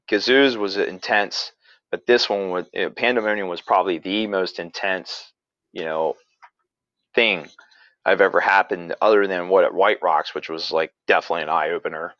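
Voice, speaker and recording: A man with a lowish voice tells a story in an easygoing, rambling way, full of fillers and restarts. The sound is dry and close, with a dull, slightly lo-fi quality. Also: moderate pace, a bit bright, no echo. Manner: rambling, many "you know" fillers and restarts. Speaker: paranormal investigator and podcaster. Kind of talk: casual storytelling in conversation.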